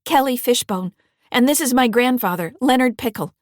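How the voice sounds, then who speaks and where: A woman voicing a frightened, defiant teenage girl who pleads in a high, loud voice. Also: normal speed, dry recording, clean studio sound, natural voice. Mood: pleading.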